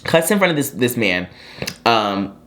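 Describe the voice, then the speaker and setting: A young man telling a story to viewers in an animated way, with many fillers like "like" and "um". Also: mid-range voice, measured pace. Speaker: co-host, son.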